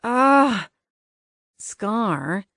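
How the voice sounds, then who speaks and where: A woman's voice: a little high, very animated, very slow, gravelly, a bit bright, dry recording, pitched above the performer's own voice, full character voice. A woman narrating an audiobook, voicing a sardonic male ghost cat with dry, teasing quips. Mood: wry.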